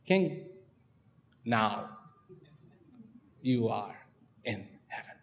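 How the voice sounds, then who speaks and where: A man voicing a calm old wise man who speaks quietly and plainly. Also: a little slow, a little hiss or hum, lightly acted. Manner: low, quiet and dry. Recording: long hall reverb.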